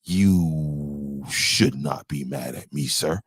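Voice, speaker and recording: A man's voice: a bass voice, extremely slow, breathy edge, dry recording. A man hosting a podcast in casual commentary, taunting and mocking a viewer with repeated jabs. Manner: taunting, trash-talking a viewer. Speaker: podcast host.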